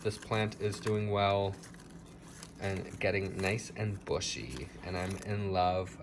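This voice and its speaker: A plant vlogger with a deep voice gives a slow, casual tour of the house plants in his home, getting a little dramatic about how they're doing. There's slight background noise.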